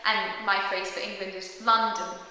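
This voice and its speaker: A woman's voice: medium pitch, steady tone, normal speed, sharp tone. A young adult woman, a historical reenactor, talking chattily and eagerly in an interview, with frequent fillers. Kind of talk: casual interview answers. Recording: very echoey room with long reverb and faint noise.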